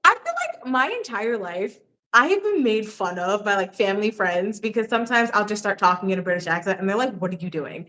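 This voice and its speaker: A woman's voice: mid-range voice, expressive, a little fast, bright, forceful tone. A young woman hosting a casual livestream, chatting with a guest, reading viewer questions and laughing often. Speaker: livestream host.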